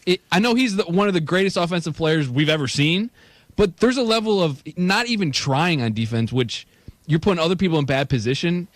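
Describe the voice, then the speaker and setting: Animated male radio co-host. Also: a little high, brisk, dry recording. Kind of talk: sports talk radio.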